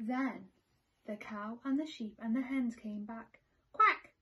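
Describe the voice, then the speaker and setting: A woman teacher reading a picture book aloud to children in a slow, expressive storytelling manner. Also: a little high, breathy edge, highs cut off.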